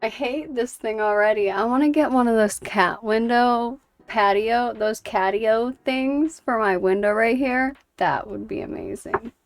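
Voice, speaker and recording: Woman, streamer, casual rambling chat, laughs easily, unhurried, faint music. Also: on the high side. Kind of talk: casual chat while gaming.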